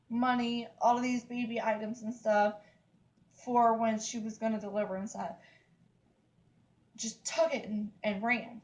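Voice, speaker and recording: A woman's voice: fairly high pitch, little pitch movement, unhurried, rough recording. A woman, venting in a casual vlog, emphatic and repetitive, with lots of "like, seriously.". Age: 30s. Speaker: vlogger. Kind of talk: upset casual rant to camera.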